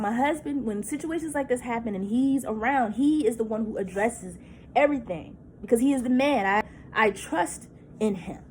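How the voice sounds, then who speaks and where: A woman in her thirties rants in a personal vlog, upset and fighting back tears as she curses, repeats herself, and restarts words in agitation. Her voice sits high with a darkish tone and moderate pace, on a low-quality recording with a little hiss or hum.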